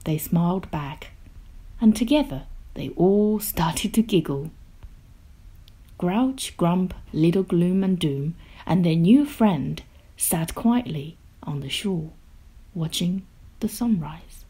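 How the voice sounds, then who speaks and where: Storyteller, woman; unhurried, lively pitch, breathy, children's picture book read-aloud. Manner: slow, gentle and expressive, drops to a hush.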